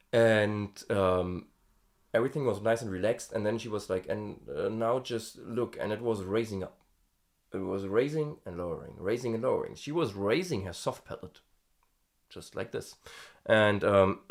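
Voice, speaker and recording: A man hosting a casual vocal-practice diary, chatty and self-amused, thinking aloud with fillers. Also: lowish voice. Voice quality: gravelly fry in the voice. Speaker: host.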